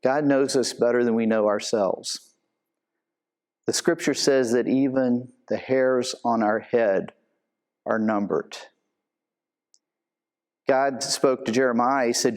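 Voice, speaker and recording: A man's voice: medium pitch, fairly even intonation, slow pace, pauses often, a little mellow. Earnest man giving a devotional. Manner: earnest storytelling, acts out quoted lines. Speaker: church elder. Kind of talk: devotional talk.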